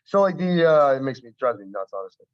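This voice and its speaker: A man's voice: mid-range voice, very animated, quick pace. A male math teacher lecturing a class in a casual, conversational way, often checking whether students follow. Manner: conversational, keeps checking understanding, wry asides. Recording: dull lo-fi classroom recording.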